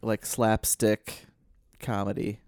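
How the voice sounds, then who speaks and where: A man's voice: lowish voice, flat delivery, slow, darkish tone, clean tone, no echo, studio quality. A man co-hosting a podcast who chats in an easygoing way and sometimes reads out short passages. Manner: easygoing, reads aloud, agrees a lot. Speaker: podcast co-host. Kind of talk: casual chat.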